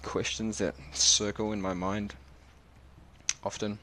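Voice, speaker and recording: A man's voice: fairly low pitch, slow pace, background noise. Rambling slangy New man. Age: 20s. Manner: rambling, slangy, animated storytelling. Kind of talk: casual monologue.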